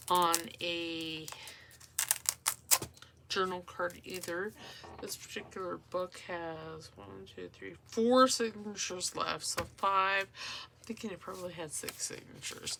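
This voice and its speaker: A woman talks slowly and rambles to herself while she tears book pages for a craft project. Her voice has a gravelly fry. There is steady noise behind her in a home recording. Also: on the low side. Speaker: junk journal crafter. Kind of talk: casual crafting tutorial chat. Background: dog and paper rustling.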